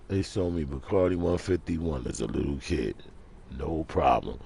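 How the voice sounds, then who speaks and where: A man ranting preachily in a casual monologue, talking low and quietly at home in the early morning. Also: lively intonation, normal speed, creaky, breathy edge. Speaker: vlogger.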